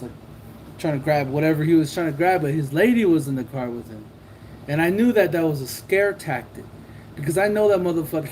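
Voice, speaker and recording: A man's voice: fairly high pitch, mellow, slight background noise, rough recording. A man telling a personal anecdote in casual slang, swearing a lot and acting out what people said. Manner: profane, streetwise slang, acts out quotes. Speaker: storyteller.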